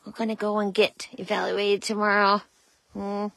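A woman from a horse rescue walking through the barnyard, explaining each animal's care in a casual vlog and cooing to them in a high sing-song. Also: completely flat delivery, moderate pace, vocal fry, a bit bright. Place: outdoors at a farm with horses.

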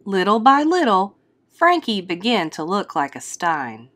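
A woman reading a children's storybook aloud in a slow, expressive, teacherly way. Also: medium pitch. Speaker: read-aloud host.

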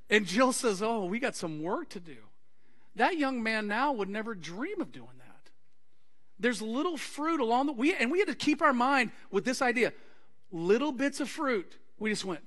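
A male pastor preaching a sermon to his congregation, acting out anecdotes and quoted conversations with lively energy. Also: very high voice, normal speed. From Texas. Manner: animated preaching with acted-out anecdotes. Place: church sanctuary.

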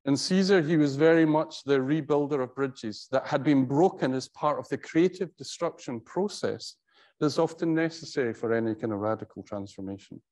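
Middle-aged male professor, mid-pitched, halting and wry tribute speaker. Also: a little mellow. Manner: conversational, halting with frequent restarts; wry storytelling. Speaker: professor giving a tribute talk. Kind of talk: anecdotal tribute speech.

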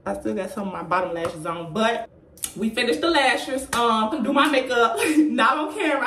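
A woman's voice: fairly high pitch, moderate pace, fairly bright tone. A young adult woman talking to her viewers in a casual makeup tutorial, chatty and laughing often. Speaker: vlogger. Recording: echoey room, faint noise.

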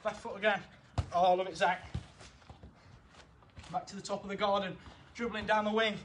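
A man's voice: sits high, level tone, normal speed, fairly bright tone, slight background noise. A young man coaching football drills in his garden, upbeat and encouraging, counting down each set while out of breath. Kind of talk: home football drill session. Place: garden, outdoors.

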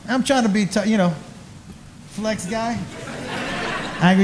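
A man's voice: high-pitched, animated, moderate pace, long pauses, echoey room, noisy background. A man telling a crude, self-mocking stand-up story on a comedy club stage.

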